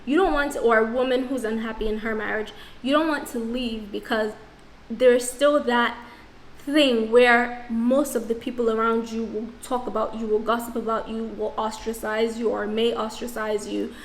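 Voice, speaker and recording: A woman's voice: on the high side, fairly even intonation, normal speed. A young woman from the diaspora talking straight to camera in a reflective vlog, frank and self-questioning, restarting her sentences as she thinks aloud. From Nigerian diaspora. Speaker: vlogger. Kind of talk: reflective casual vlog monologue. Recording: echoey room with faint music.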